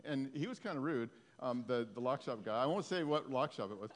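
A man telling a lively testimony story to a congregation, laughing often. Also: mid-range voice, a little fast, long reverb tail.

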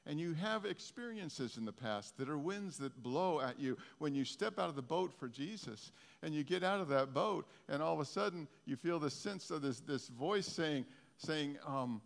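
A man's voice: a little high, lively intonation, normal speed, vocal fry. Man preaching in a reverberant church. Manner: conversational preaching, rising and falling in intensity. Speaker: pastor. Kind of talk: sermon.

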